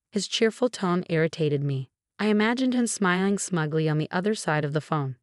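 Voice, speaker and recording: A woman with a low voice narrates a personal story in an even, scripted read. The recording is dry and close, with no room sound at all. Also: fairly quick, hardly any pauses, no room sound.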